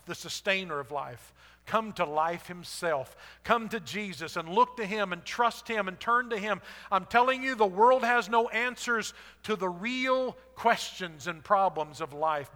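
A man's voice: a little high, bright, forceful tone, big-room sound. A man, a pastor, preaching a sermon in a conversational storytelling way. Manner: storytelling, conversational, acts out quotes.

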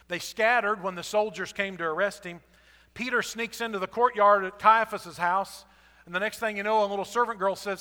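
A man's voice: high voice, steady tone, fairly quick, pushed and bright, big-room sound. A man, a pastor, preaching a sermon in a conversational storytelling way. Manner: storytelling, conversational, acts out quotes.

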